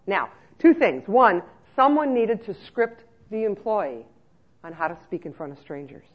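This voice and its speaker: Brief: middle-aged woman, lively speaker to care staff, muffled lo-fi sound. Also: mid-range voice, unhurried, breathy edge. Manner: lively storyteller, checks in with "okay?" often. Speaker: speaker on nursing home care. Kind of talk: conference talk to care staff. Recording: muffled lo-fi recording.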